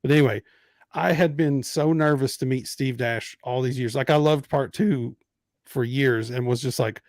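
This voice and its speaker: A man's voice: mid-range voice, normal speed, dry recording, clean studio sound. A man hosting a podcast, telling a story in casual chat and acting out the people in it. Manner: animated storyteller acting out quotes. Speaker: podcast host.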